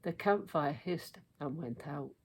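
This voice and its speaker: A woman reading a children's storybook aloud in an expressive, measured way. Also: low voice, a little hiss or hum.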